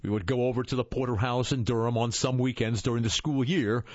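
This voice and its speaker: A man from Iowa narrating his memoir as an audiobook, in an expressive storytelling manner with a husky voice. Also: medium pitch, a little fast, no room sound. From Iowa, USA. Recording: dull, dry lo-fi recording.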